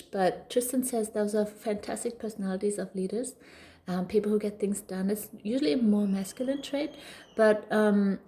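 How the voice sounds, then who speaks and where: Woman in her thirties, parenting vlogger, mellow tone, chatty storytelling full of ums and restarts. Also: medium pitch. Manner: chatty, frequent fillers and restarts. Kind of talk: casual storytelling monologue.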